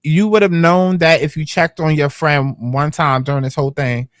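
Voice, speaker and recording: A man reads out text messages and reacts to them with sarcastic, slangy commentary. His voice sits a little high for a man. The sound is close and dry, with no room echo. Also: steady tone, normal speed. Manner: sassy, slangy, sarcastic asides. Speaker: commentary channel host.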